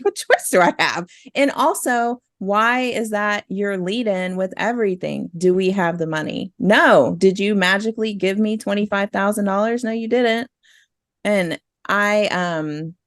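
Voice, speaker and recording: A woman's voice: mid-range voice, no echo, studio quality. A middle-aged woman, a store owner, talking in a rambling, emotional way with frequent laughs. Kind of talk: casual conversation.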